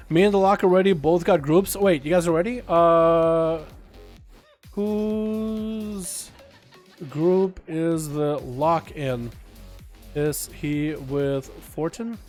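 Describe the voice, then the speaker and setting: A young man hosting a casual gaming livestream, sick, talking in an excitable, rambling way and laughing often. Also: a little high. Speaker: livestream host. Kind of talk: casual gaming stream chat.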